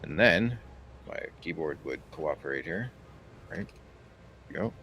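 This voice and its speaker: A man's voice: very deep voice, lively intonation, slow pace, fairly bright tone, a little hiss or hum. A man running a tabletop game as game master, narrating combat vividly.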